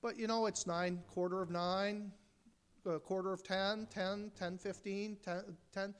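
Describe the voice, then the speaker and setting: A woman's voice: medium pitch, fairly even intonation, a little slow, clear, resonant tone. A woman from the United States preaching a sermon, emphatic, with rhetorical questions and mocking asides.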